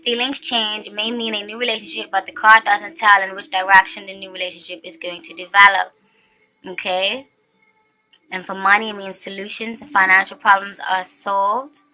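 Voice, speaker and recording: A woman giving a casual tarot reading to her viewers. She is chatty and animated, often checks in with "okay?", and slows down to stress her points. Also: medium pitch. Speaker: tarot reader.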